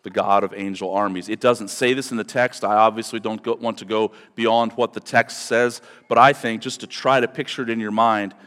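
A man's voice: fairly low pitch, steady tone, brisk, hardly any pauses, fairly bright tone. A male pastor delivering a sermon in a conversational, digressive way with dramatic emphasis. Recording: long reverb of a large hall.

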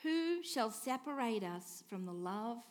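Slow, high-voiced woman preaching a sermon. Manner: expressive, swings from soft hush to emphatic declaring; slow, deliberate delivery with rhetorical questions.

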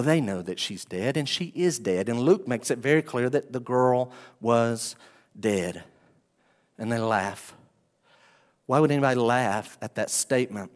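A man preaching a sermon as pastor, animated, swinging between loud outbursts and quiet asides. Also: mid-range voice.

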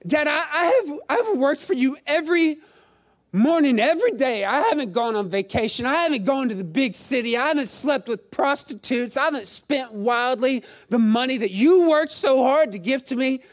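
A man's voice: extremely high pitch, animated, normal speed, voice pushed up. A man voicing a resentful, dutiful older son who whines his grievances to his father. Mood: aggrieved. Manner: whining, aggrieved complaining.

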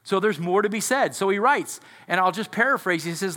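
Bright-voiced pastor preaching in a reverberant church. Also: male voice, high voice, lively intonation, fairly quick, few pauses. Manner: conversational, asks the congregation questions. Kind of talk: sermon. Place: church sanctuary before a congregation.

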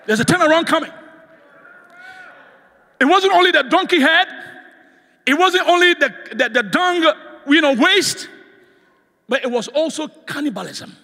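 A man preaching a sermon as guest speaker, passionately shouting calls for the congregation to respond, recorded in a church sanctuary. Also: extremely high pitch, animated, a little slow, long pauses, big-room sound.

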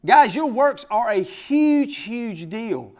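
A man's voice: very high-pitched, very animated, slow. A male pastor preaching a sermon, emphatic and folksy, calling out to the congregation. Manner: folksy plain speech.

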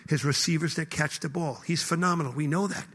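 A man preaching a passionate sermon to a room full of people, swinging between shouted declarations and hushed, intimate lines. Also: a little high, steady tone, a little fast, slightly rough. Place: hall with a live audience.

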